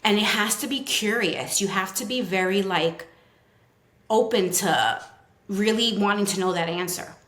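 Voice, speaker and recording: A woman's voice: mid-range voice, a little slow, a bit bright. Chatty woman with a New York accent, roomy sound. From Brooklyn. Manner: chatty, many fillers, acts out kids' quotes. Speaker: child psychotherapist guest. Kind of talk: casual podcast interview. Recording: roomy echo.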